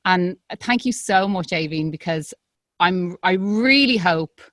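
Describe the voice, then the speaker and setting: Chatty Irish woman host, low voice. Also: a little slow, fairly bright tone, no room sound. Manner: chatty, laughs often, gushing. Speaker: podcast host. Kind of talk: casual interview chat.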